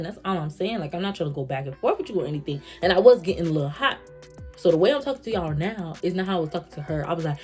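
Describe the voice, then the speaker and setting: A young woman vlogger tells a storytime rant and acts out both sides of an argument as she goes. Her voice sits a little low and runs lively. Faint music plays behind her. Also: brisk.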